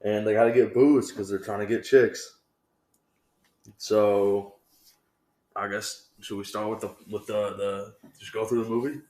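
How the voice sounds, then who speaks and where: A man's voice: on the low side, little pitch movement, unhurried, long pauses, a little mellow. A man co-hosting a movie podcast, chatting casually and rambling as he laughs and acts out scenes. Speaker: returning podcast co-host. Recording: echoey room.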